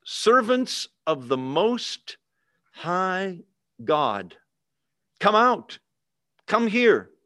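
A man voicing an awed, commanding ancient king who calls out loudly. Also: high voice, big pitch swings, extremely slow, no echo, studio quality, heavily acted. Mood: shouting.

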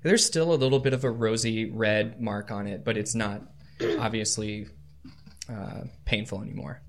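A man's voice: fairly low pitch, steady tone, normal speed. A man running a tabletop game as game master, describing scenes like camera shots.

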